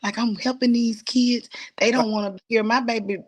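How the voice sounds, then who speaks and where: A woman's voice: a little high, fairly even intonation, normal speed. A woman telling a heartfelt personal story as a guest, at times dropping to a whisper and at times pleading, with speech. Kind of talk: emotional personal testimony.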